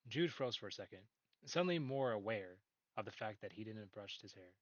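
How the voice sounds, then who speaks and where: A low-voiced man reads a story aloud in a loose, casual way, chuckling when he trips over words. The recording is dull and dry, with no room around him. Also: lively intonation, fairly quick, no room sound. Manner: casual, laughs at his own slips. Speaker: reader.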